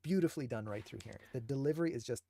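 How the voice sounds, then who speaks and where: A man's voice: medium pitch, very fast, creaky, mellow. A man who teaches animation, enthusiastically breaking down shots with emphatic, admiring commentary.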